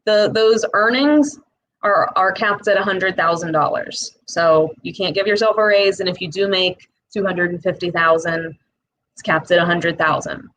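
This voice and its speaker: A woman with a Midwestern accent, talking casually to camera and explaining a small business loan program in a direct, chatty way with quick asides. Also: on the low side, fairly bright tone, low-quality recording. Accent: Midwestern American.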